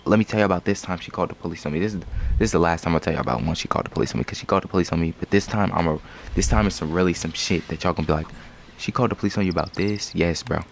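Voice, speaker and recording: A man's voice: low voice, racing, creaky, a little hiss or hum. A young man telling a story in a loose, slangy, rambling way on a casual live stream. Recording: music playing behind.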